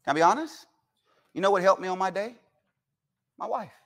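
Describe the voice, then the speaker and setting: High-voiced man preaching a folksy sermon. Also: a little fast, fairly bright tone. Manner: folksy, humorous storytelling with quoted voices. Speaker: guest preacher. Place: church sanctuary.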